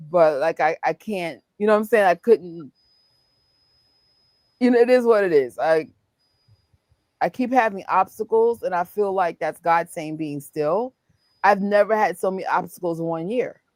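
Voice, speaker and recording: A young woman from New chats casually as a co-host, her New plain in every line. She tells her stories with animated energy, laughs often and acts out the exchanges. Her voice is recorded close and dry, with no room sound. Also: mid-range voice, no room sound. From New York. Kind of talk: casual chat.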